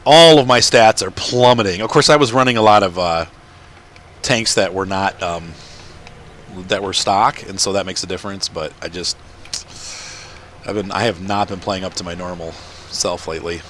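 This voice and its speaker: Casual let's-play host, male, low-ish pitch, chatty and rambling, light hiss in the background. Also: normal speed, pauses often, a bit bright. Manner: rambling, chatty, laughs often. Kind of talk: casual gameplay commentary.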